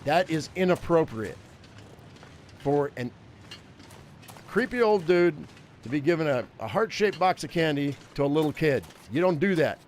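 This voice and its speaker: A man's voice: a little high, animated, normal speed, pauses often, a little hiss or hum. A man in his fifties, a game streamer telling a rambling personal story in casual chat. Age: 50s. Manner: rambling, chatty anecdote-teller.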